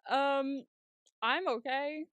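Her high-pitched voice is fairly bright and extremely slow, recorded dry with the highs cut off. She's a young podcast co-host telling stories in casual conversation, laughing a lot and acting out what people said.

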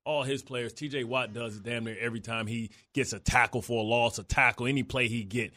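Bright, animated sports radio man. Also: medium pitch, fairly quick. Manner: loud, heated, animated. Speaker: co-host.

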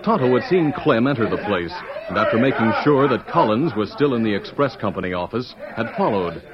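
A man's voice: medium pitch, very animated, brisk, a loud crowd. A man narrating a radio drama with dramatic, tension-building delivery. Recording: muffled old radio recording with music. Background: music.

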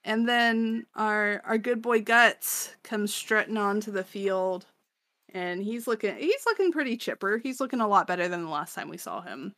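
A woman's voice: mid-range voice, moderate pace, fairly bright tone, no room sound. A woman co-hosting a podcast, recapping a story in casual chat, laughing often and rambling with many fillers. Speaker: podcast co-host.

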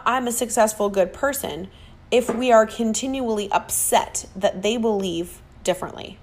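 A woman with a noticeably fried, gravelly edge to her voice gives a motivational talk. Her delivery is emphatic, and she sometimes acts out the voices of other people. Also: medium pitch. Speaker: motivational speaker.

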